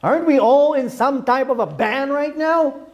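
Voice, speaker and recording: A man's voice: extremely high pitch, normal speed, a little mellow, lo-fi sound. A middle-aged man preaching as a rabbi, emphatic and rhetorical, often asking his listeners questions. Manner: emphatic, rhetorical questions, dips into Hebrew terms. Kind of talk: sermon.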